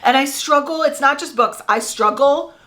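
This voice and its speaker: A woman's voice: high voice, moderate pace, bright, forceful tone. A woman in her thirties chatting casually in a reading vlog, with lots of filler words and restarts. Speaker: book vlogger.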